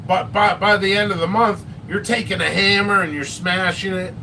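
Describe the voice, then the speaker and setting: A high, bright-voiced man rambles slowly through a casual live-stream chat, joking and poking fun at himself. He sounds set back from the mic, with faint noise in the background. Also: fairly even intonation, distant mic. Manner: rambling, joking, self-mocking. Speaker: host of a pepper and hot sauce channel.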